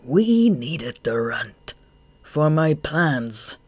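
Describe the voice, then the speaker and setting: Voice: medium pitch, sing-song, normal speed, darkish tone, no room sound, pitched above the performer's own voice, natural voice. A reader voicing a menacing giant bat leader. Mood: cold threat. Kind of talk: audiobook character voice.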